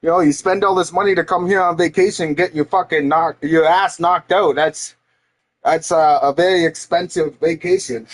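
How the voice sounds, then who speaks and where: A man's voice: a little high, fairly even intonation, moderate pace. A man livestreaming, telling a story to his chat in a heated, profane ranting way. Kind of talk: casual storytelling to a stream chat. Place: home streaming setup.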